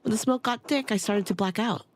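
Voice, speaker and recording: A woman's voice: fairly high pitch, fairly quick, slight background noise, natural voice. Woman reading as a weary grieving old hermit. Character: weary grieving older male hermit scholar. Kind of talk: reading game dialogue aloud.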